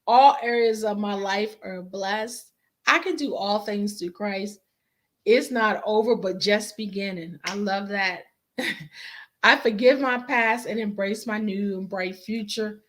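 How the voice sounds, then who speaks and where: Slow-talking woman with a strained voice. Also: mid-range voice, a bit bright. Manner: slow, emphatic, repeats phrases for encouragement. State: voice strained from sinus infection. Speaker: life coach and faith speaker. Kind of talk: motivational virtual class. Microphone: video call.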